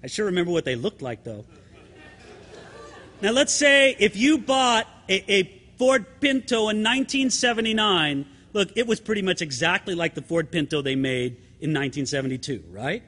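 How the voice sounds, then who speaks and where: A middle-aged pastor preaching with a high, bright, ringing voice. He presses his points hard and asks the congregation rhetorical questions, calling them friends. His voice carries a long reverb from a church sanctuary. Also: animated, moderate pace. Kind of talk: sermon.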